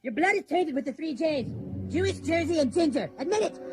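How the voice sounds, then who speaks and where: A woman's voice: high-pitched, expressive, brisk, a little mellow, faint music behind. An actress playing a volatile young woman who speaks in an intense, threatening way. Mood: furious. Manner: intense, threatening, then shaky.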